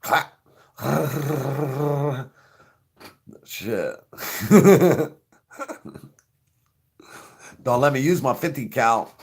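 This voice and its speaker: A man's voice: medium pitch, very slow, vocal fry, darkish tone, slightly rough. A middle-aged man hosting a show, chatting casually, swearing freely and laughing often as he rambles. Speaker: show host. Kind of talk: casual joking chat.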